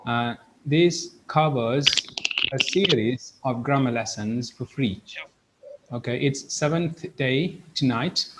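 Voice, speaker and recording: A man teaching an online English pronunciation lesson, speaking slowly and patiently and repeating each example word twice. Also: mid-range voice, a little hiss or hum, rough recording.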